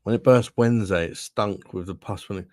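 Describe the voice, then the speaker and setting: A man's voice: fairly low pitch, fairly quick, a little mellow, dry recording, studio quality. A man casually chatting on a livestream, swearing freely and calling his viewers mate. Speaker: livestream host reading chat. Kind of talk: casual live chat.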